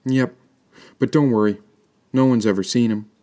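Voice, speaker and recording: A man's voice: medium pitch, steady tone, moderate pace, dark tone, close to an everyday voice. A man voicing a lost, tearful little boy in a storybook reading. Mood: chatty. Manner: sobbing, plaintive.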